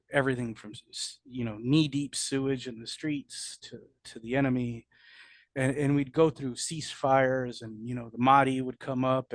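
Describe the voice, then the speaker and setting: A man's voice: medium pitch, no room sound. A middle-aged man, a combat veteran, telling his war memories in an interview, blunt and profane, with many restarts. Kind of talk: candid storytelling interview.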